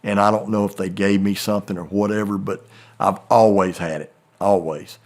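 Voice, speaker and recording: A man's voice: on the low side, steady tone, normal speed. Folksy Southern man telling hunting stories. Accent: Southern American. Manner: folksy, rambling storyteller with Southern phrasing. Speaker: turkey hunting guide. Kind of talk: casual storytelling chat.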